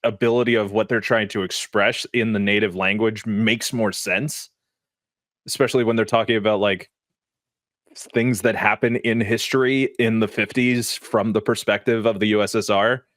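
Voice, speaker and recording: A man chatting on a gaming podcast, fairly low-voiced and lively, with lots of laughter and filler words. The sound is close and dry, with no room echo. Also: normal speed. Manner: animated, laughs often, many fillers. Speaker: podcast co-host. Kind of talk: casual chat.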